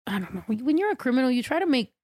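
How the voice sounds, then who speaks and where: A woman podcast host telling a story in casual chat, blunt and profane, animated as she talks. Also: high-pitched, very fast, no echo, studio quality.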